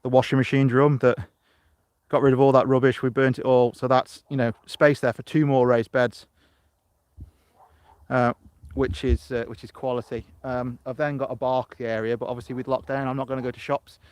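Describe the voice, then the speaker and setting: A man's voice: medium pitch, flat delivery, moderate pace, a little mellow, dry recording. A middle-aged man from England chatting rambly on a live stream from his allotment, talking into a phone camera outdoors and answering viewers as he goes. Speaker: allotment vlogger. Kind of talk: live-streamed casual chat.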